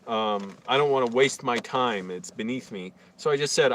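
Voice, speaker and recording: A Virginia man rants indignantly on a livestream, rambling through a story full of fillers and restarts. His mid-range, slightly bright voice moves at a moderate pace with hardly any pauses.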